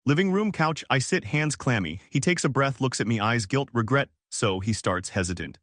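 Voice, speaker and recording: A man's voice: mid-range voice, expressive, moderate pace, hardly any pauses, a bit bright, no echo, studio quality. A man narrating a first-person story in short, clipped fragments with a dramatic delivery.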